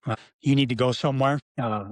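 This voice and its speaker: A man's voice: medium pitch, fairly even intonation, brisk, no room sound. A middle-aged man, a podcast guest, telling his life story in a rambling, candid way with many fillers and restarts.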